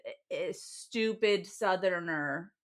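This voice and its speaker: A woman's voice: fairly low pitch, slow. A woman co-hosting a podcast, talking casually about books in a rambling way, with lots of fillers, restarts and some swearing. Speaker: podcast co-host. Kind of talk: casual book chat.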